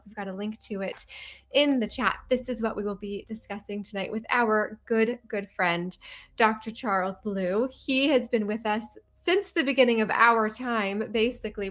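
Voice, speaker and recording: A woman's voice: mid-range voice, fairly bright tone. A woman hosting a podcast, talking in an upbeat, enthusiastic, casual way. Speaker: podcast host. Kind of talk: casual chat.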